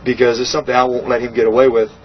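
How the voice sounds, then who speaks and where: Middle-aged guest, blunt and profane, acts out quotes with a raised voice, dull lo-fi sound with a faint hiss. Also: male voice, very fast. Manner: animated storytelling, acts out quotes with raised pitch. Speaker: interview guest. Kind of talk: shoot interview storytelling.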